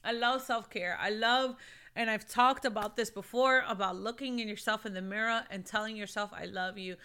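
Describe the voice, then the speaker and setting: An earnest Christian woman talks to her viewers in a casual vlog, calling them "sis" and "babe" as she encourages them. Her voice is bright and forceful. It sits a little high for a woman. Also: normal speed, clean tone. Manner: earnest, encouraging, laughs between points; mixes in Spanish phrases. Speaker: Christian lifestyle vlogger. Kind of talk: casual motivational talk to camera.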